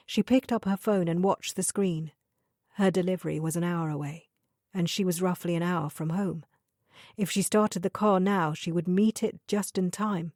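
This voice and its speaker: A woman reads an audiobook in a measured, unhurried storytelling voice. Her tone is low and mellow, and the recording is dry and close with no room sound. She keeps a slow, deliberate pace throughout. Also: no echo. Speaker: audiobook narrator. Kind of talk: scripted narration.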